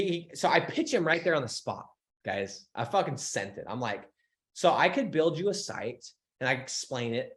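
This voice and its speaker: Excitable swearing man telling a story. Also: a little high. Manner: excitable, swearing, animated retelling with voiced quotes. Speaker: business coach. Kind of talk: casual storytelling to followers.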